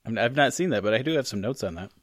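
A man's voice: medium pitch, lively intonation, racing, no room sound. A man co-hosting a casual podcast chat, rambling and joking as he corrects himself. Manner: rambling, self-correcting, jokey. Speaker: podcast co-host.

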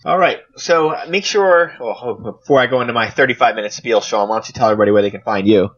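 A man's voice: mid-range voice, quick pace, fairly bright tone, highs cut off. A man hosting a podcast in casual, joking chat. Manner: joking, chatty, with restarts. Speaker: podcast host.

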